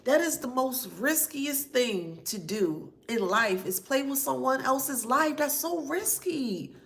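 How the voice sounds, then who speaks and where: A woman giving a casual spiritual reading, laughing often and reacting with drawn-out disbelief. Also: sits high, lively intonation, creaky, fairly bright tone.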